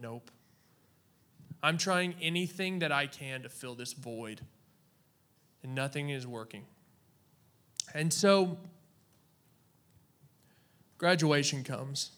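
A man from Oklahoma giving a personal faith testimony in an earnest, halting way, with long dramatic pauses. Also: mid-range voice, pushed and bright.

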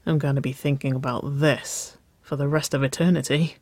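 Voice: medium pitch, steady tone, normal speed, a little mellow, no echo, close to an everyday voice. A reader voicing an adoring young woman in a romance story, groaning and pleading. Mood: lovestruck.

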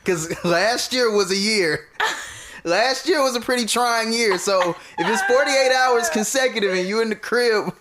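A man's voice: high voice, a little slow, background noise. A young man co-hosting a casual chat, joking and laughing often in loose slang. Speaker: podcast co-host.

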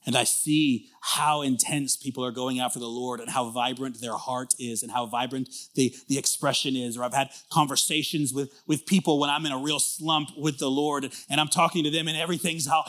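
A man preaching a sermon as a pastor, conversational and animated, with frequent restarts and emphatic rises. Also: mid-range voice, moderate pace.

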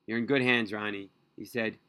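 A man voicing a calm, kindly male surgeon who explains things in a measured, reassuring way, in a storybook reading. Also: fairly low pitch, clear, resonant tone, pitched below the performer's own voice.

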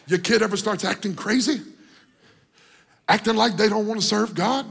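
A man preaching a sermon, breaking into sung cadences and shouting at the peaks. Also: sits high, normal speed, gravelly, husky. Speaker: pastor. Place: church hall. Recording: long hall reverb, organ music behind.

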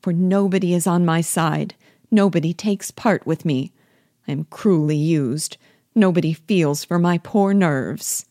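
A fretful, self-pitying middle-aged mother who complains at length, drawn-out and whining, as a woman reads her. Her tone is low and mellow, recorded close and dry. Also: no echo. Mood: melancholy. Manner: whining, drawn-out melancholy delivery.

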